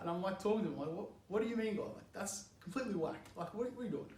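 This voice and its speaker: Young male youth speaker, casual and animated, high voice, echoey room. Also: rapid-fire, hardly any pauses. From Australia. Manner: animated, chatty, laughs often, lots of "like". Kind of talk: youth sermon, casual storytelling.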